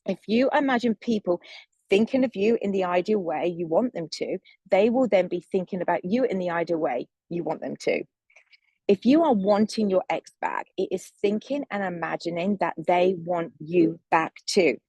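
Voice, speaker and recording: Woman, young adult, spiritual coaching talk, husky, dry sound. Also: on the low side, moderate pace, darkish tone, dry recording. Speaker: manifestation coach. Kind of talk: calm spiritual teaching monologue.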